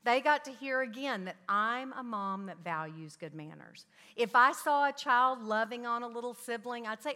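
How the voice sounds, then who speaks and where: A middle-aged woman speaking to parents, telling family stories with animated energy and acting out her children's voices. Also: fairly high pitch, normal speed. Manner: animated storytelling, acts out her kids' voices. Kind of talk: talk to parents with anecdotes. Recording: long hall reverb.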